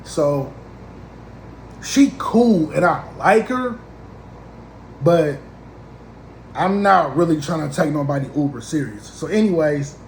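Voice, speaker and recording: A man in his thirties spins a casual, slangy comic story and acts out each side of the talk. His voice sits a bit high for a man. The room is echoey, with a faint hiss underneath. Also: slow, long pauses. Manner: slangy, animated, acts out both sides of conversations.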